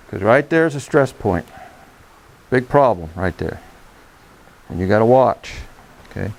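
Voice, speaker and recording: Here a man with a gravelly yet mellow mid-range voice shows how to care for a saddle next to his horse. He teaches horsemanship in a homespun, straightforward manner, pausing to ask "okay?" while working.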